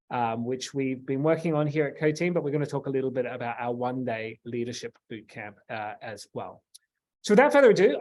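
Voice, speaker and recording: A man's voice: on the high side, a little mellow. A man hosting a webinar, opening the session and introducing the guest in a chatty way with lots of fillers, speaking over a video call. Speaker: webinar host, company founder. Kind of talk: webinar presentation.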